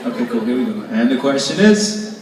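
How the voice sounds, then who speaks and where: A man's voice: medium pitch, expressive, brisk, far from the mic, heavy background noise. A man casually joking with an audience and answering their questions from a stage, loose and rambling with many restarts. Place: concert hall stage with audience. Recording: echoey live hall from afar, loud crowd.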